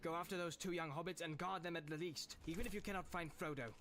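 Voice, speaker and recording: A man's voice: on the high side, fairly even intonation, fast, background noise, voice pushed up, natural voice. A man voicing a stern male ranger who leads the company with urgent commands. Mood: commanding. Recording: music playing underneath.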